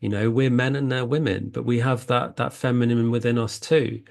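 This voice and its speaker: A man's voice: mid-range voice, fairly even intonation, normal speed, gravelly, darkish tone. A man talking earnestly as a spiritual healing coach, rambling and often restarting his sentences. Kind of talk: casual spiritual talk.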